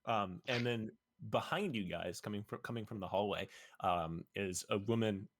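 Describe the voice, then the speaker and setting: Man narrating as game master, low voice. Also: normal speed, dry recording, clean studio sound. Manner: hesitant, many fillers.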